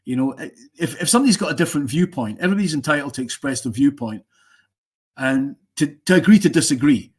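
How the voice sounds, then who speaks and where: A man's voice: medium pitch, animated, fast, slightly rough. A man hosting a casual live stream, giving strong opinions in a rambling way and joking with viewers.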